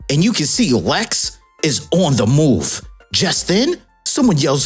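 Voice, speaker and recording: A woman's voice: low voice, wildly swooping pitch, slow pace, few pauses, breathy edge, faint music behind. A woman narrating a comic storyline in a playful, jokey, casual storytelling way.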